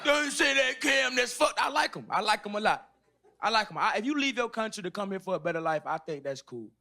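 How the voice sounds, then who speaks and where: A young comedian, loud and profane. His voice sits high and bright, and it leaps around animatedly as he talks. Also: animated, fast, creaky. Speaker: stand-up comedian, show regular. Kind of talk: stand-up set and banter.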